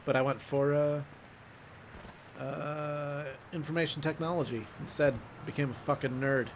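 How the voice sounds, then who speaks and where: A young man chatting casually on a gaming stream, swearing and laughing often, telling stories and breaking into loud impressions. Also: a little high, steady tone, a little slow, slight background noise. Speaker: streamer co-host.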